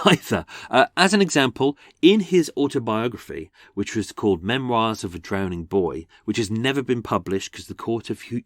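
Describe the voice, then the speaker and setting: A man's voice: on the low side, no room sound, studio quality. An English man hosting a true-crime podcast in a chatty, wry way. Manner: chatty, animated, wry asides. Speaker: podcast host.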